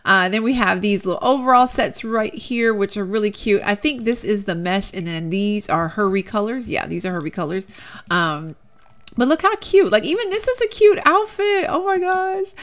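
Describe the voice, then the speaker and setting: A young woman talks casually over her game footage, gushing and chatty, with a lot of "y'all" and "girl" thrown in. Her mid-range voice swoops up and down in lively bursts of delight. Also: mid-range voice, moderate pace. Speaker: Sims content creator showcasing custom content. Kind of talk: casual gameplay commentary.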